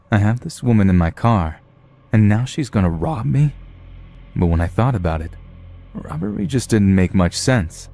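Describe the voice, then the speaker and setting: A man with a deep, low-pitched voice reads a scripted horror story. His telling is blunt and profane, with a plain, steady delivery. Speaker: narrator.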